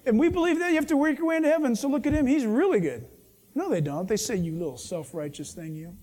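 A man's voice: very high-pitched, big pitch swings, quick pace, darkish tone. Casual jokey preacher guy, acts out little dialogues mid-sermon.

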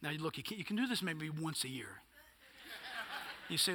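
A man's voice: fairly high pitch, very animated, moderate pace, pauses often, bright, forceful tone, in a large hall. A male pastor preaching a sermon, emphatic and punchy, firing off rhetorical questions.

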